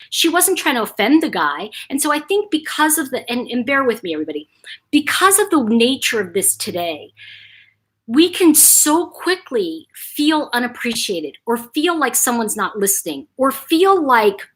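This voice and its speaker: Brief: a woman from New York State as a livestream host, lively pitch, slightly husky. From Buffalo, New York, USA. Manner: animated, talks in dramatized quotes. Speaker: channel host. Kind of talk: livestream chat.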